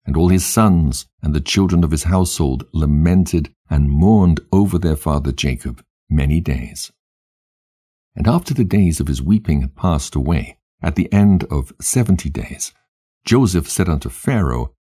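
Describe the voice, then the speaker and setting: A man narrating a scripture passage in a steady, solemn reading. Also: extremely low pitch, moderate pace, husky.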